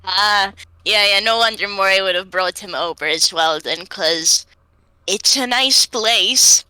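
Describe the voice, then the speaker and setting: Bright, dry-sounding woman chatting as a player. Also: medium pitch, unhurried, smooth, dry recording. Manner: easygoing, rambling with "like". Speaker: tabletop game player. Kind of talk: casual chat between players.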